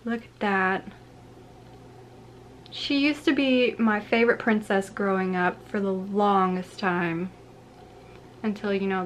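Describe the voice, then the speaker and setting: At home, a woman collector gushes excitedly through a casual unboxing vlog, speaking into a handheld camera. Her voice is medium-pitched, with a bit of hiss or hum in the background.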